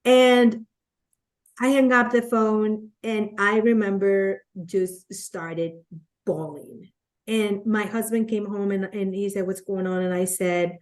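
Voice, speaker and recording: A Latina woman speaks at a middle pitch and tells her stories in an animated, conversational way. She acts out what people said to her as she goes. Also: measured pace. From Latin America. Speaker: guest, network marketer. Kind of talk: conversational storytelling.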